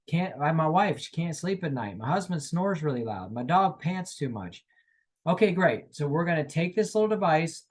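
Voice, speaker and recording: A man in his thirties giving a motivational sales training talk, energetic and acting out sales dialogues. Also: a little high.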